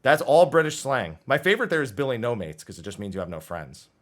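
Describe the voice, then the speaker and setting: A joking, chatty man with a New Jersey accent, his pitch rising and falling a lot as he talks. He laughs easily and keeps the conversation loose, like a host among friends. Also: fast. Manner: animated, joking, laughs often. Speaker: podcast host. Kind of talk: casual chat.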